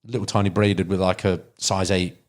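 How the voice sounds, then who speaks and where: Man, low voice, casual rambling storytelling, podcast guest. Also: level tone, normal speed. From Derbyshire, England. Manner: rambling storytelling with many restarts and fillers. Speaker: podcast guest, carp angler. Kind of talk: casual chat.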